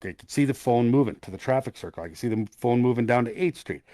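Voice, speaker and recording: A middle-aged man, co-hosting a podcast, tells an animated, profane story in casual chat. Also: mid-range voice, quick pace, no echo, studio quality. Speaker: podcast co-host.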